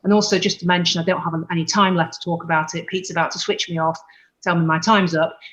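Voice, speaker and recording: A woman's voice: fairly low pitch, fairly even intonation, fast talker, fairly bright tone, dull audio. A woman doctor giving an earnest conference presentation over a video call, correcting herself now and then. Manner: earnest, explanatory, with self-corrections.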